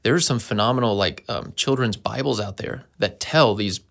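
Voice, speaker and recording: A man's voice: on the low side, moderate pace, gravelly, fairly bright tone. A man in a casual conversation, telling stories in an earnest, anecdotal way.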